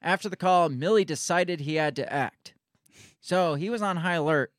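A man's voice: fairly high pitch, normal speed, dry recording, clean studio sound. A man co-hosting a podcast, reading news excerpts aloud and riffing on them in casual, profane commentary. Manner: reads news excerpts aloud, then riffs with laughter and swearing. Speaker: podcast co-host.

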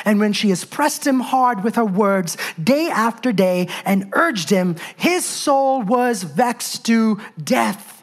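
A woman's voice: mid-range voice, expressive, measured pace, hardly any pauses. A woman preaching a sermon in an emphatic, conversational way, full of rhetorical questions and asides.

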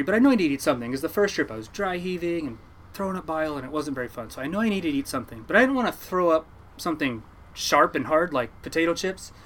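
Male fisherman guest, quick and a bit high-pitched, loose casual anecdote style with restarts. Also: a bit bright, slight background noise. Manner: rambling, with frequent restarts and fillers. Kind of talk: casual storytelling.

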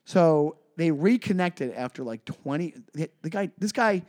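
A man co-hosting a podcast and telling a story in a casual chat, animated, with his voice jumping up when he quotes people. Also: on the high side, unhurried. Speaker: podcast co-host and comedian.

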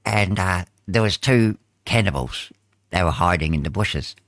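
A man co-hosting a radio show, telling stories in a meandering, halting way. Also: low voice, animated, fairly bright tone, no echo, clean studio sound. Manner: meandering storyteller, halting starts. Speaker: radio co-host. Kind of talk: casual radio banter.

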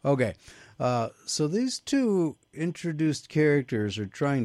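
A man's voice: a little high, takes it slowly, dry recording, clean studio sound. A man co-hosting a casual movie review panel, teasing the others and passing the turn around. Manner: lively, teasing, leads the rounds.

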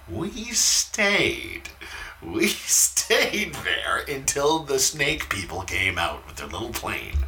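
Animated man telling stories, bright tone. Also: medium pitch, slow. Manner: animated storyteller, swears freely and yells quoted lines. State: talking quietly at times because his wife sleeps. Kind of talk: casual chat, storytelling.

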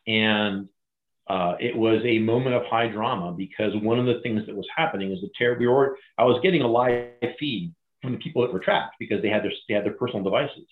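A middle-aged man retelling a crisis story in an interview, animated and acting out the voices of others. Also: fairly low pitch, brisk. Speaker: guest, former bank crisis manager. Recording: echoey, phone-like audio.

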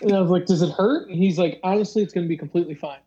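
A podcast host telling a story in a loose, casual way, full of fillers and acted-out dialogue. The voice sits at a middle pitch with a mellow, darker tone. The recording sounds slightly dull and lo-fi. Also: rapid-fire, husky. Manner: rambling, filler-heavy, acts out dialogue.

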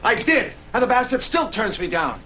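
Film role,: irritable man, high voice, swings widely. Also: big pitch swings, normal speed, a crowd in the background. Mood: exasperated. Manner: irritable, snapping. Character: exasperated grown man fed up with a dog. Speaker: film character.

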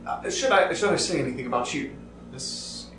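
Apologetic formal clerk played by a man, slightly high, echoey room, distant mic. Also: expressive, moderate pace, music in the background, lightly acted. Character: apologetic nervous male bank clerk. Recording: echoey room, mic far off, faint noise.

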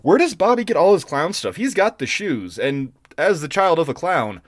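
A man co-hosting a podcast, chatting casually and telling stories in an animated, swearing way. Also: fairly high pitch, moderate pace, no room sound, studio quality. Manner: animated, profane storytelling with restarts. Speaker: podcast co-host. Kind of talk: casual chat.

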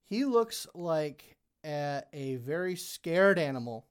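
A game master narrating a tabletop role-playing game with a halting delivery full of fillers. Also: mid-range voice, very animated, smooth.

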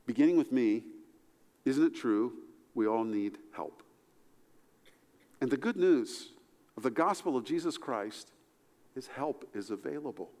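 A man preaching a sermon as pastor, animated, his voice climbing high for emphasis and falling low and soft. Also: a little slow, pauses often, big-room sound.

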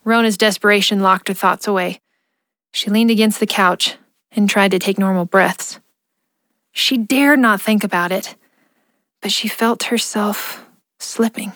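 A woman narrating an audio drama in a measured, expressive reading. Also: mid-range voice, no echo, clean studio sound. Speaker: narrator and ad host.

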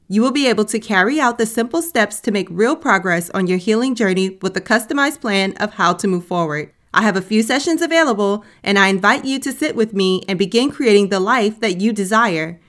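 Encouraging woman podcast host. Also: mid-range voice. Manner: warm encouraging, addresses listener as sis, fillers like "like, you know". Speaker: podcast host and heartbreak coach. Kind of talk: faith-based podcast talk.

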